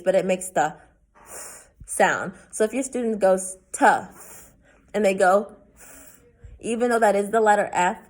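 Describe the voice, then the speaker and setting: A young woman teacher recording a remote lesson, saying each word slowly and carefully. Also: mid-range voice.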